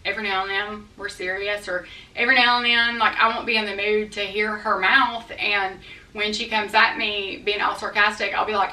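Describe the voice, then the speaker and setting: A middle-aged woman talks straight to her viewers, blunt and a little defensive, in a folksy manner. Her voice is bright and forceful. It rings in a roomy echo, as if she stands back from the mic. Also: medium pitch, moderate pace, distant mic. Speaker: vlogger addressing viewer comments. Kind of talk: candid talk to camera. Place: her house, indoors.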